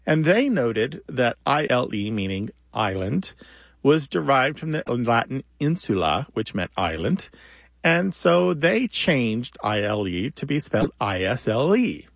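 A man's voice: mid-range voice, big pitch swings, unhurried, gravelly, no echo. A man co-hosting a call-in radio show about words, chatting with callers and explaining word histories in a good-humored way.

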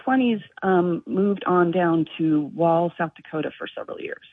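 A woman's voice: fairly low pitch, moderate pace, breathy edge, no echo. A woman calling in to a radio show, telling a story in a chatty way. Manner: chatty storytelling, laughs often. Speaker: caller. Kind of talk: phone-in call. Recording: phone line.

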